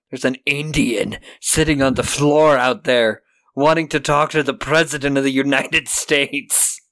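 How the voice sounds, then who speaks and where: A man co-hosting a podcast, recapping a film in casual chat, laughing, swearing and acting out lines in quick voices. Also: medium pitch, a bit bright. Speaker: podcast co-host.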